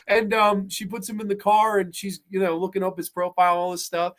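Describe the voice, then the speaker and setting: A man hosting a podcast, retelling comedy scenes in an animated, profane, casual way. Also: high-pitched, moderate pace, few pauses. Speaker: podcast host. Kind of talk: casual movie chat.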